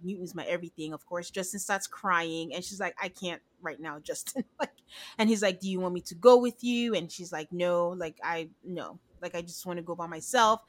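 Chatty woman recapping a TV episode. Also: lowish voice. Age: adult. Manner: chatty, animated retelling with quoted voices. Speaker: podcast co-host. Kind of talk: casual recap chat.

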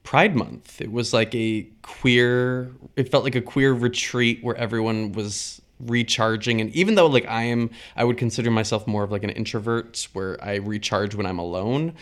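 A man's voice: medium pitch, moderate pace, few pauses. Man, podcast host, casual chat, bubbly, voice worn from screaming. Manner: bubbly, animated, gossipy. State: voice strained from screaming.

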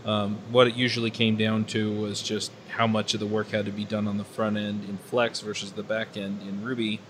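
A man talking through his team experience on a tech podcast in a relaxed, thoughtful way, often pausing with fillers. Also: lowish voice, slight background noise. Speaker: podcast panelist. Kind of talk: casual technical discussion.

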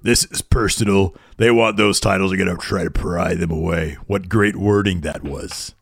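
A man doing an impression of a cocky, gruff middle-aged wrestling executive who boasts and tosses crude put-downs. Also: deep voice, normal speed, exaggerated voice. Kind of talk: comedy impression sketch.

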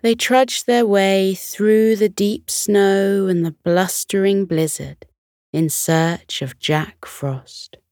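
A woman narrating a children's bedtime story in a slow, soothing reading manner. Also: medium pitch, steady tone, darkish tone, no room sound, clean studio sound.

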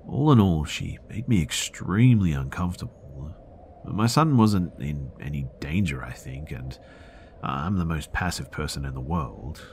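A man's voice: very deep voice, animated, measured pace, darkish tone, a little hiss or hum. A man hosting a podcast, reading listener horror stories aloud in a dramatic scripted narration that sometimes drops to a whisper.

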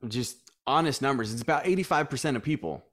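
This gym owner, a male interview guest, has a mid-range voice and speaks quickly. In a relaxed conversation he spins lively anecdotes, performing the quoted lines of each character.

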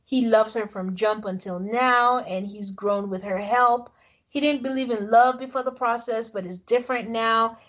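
This podcast co-host has a fairly high, slightly bright voice and a moderate pace. She recaps a reality show casually, chatting and often laughing as she goes back over scenes.

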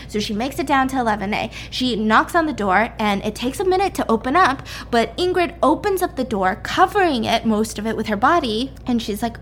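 Woman, casual storyteller, rambly and lively, acts out the dialogue; light background hiss. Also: on the high side. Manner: animated, acts out characters' lines in quotes; fast rambling, self-correcting, swears casually. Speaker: storyteller recapping a book.

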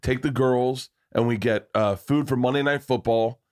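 A middle-aged man hosts a podcast and tells a loose, rambling story full of swearing and jokes. His voice sits at an ordinary pitch for a man, and the talk is casual and unscripted. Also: fairly even intonation, moderate pace, darkish tone. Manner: rambling, profane, jokey anecdotes. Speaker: podcast host.

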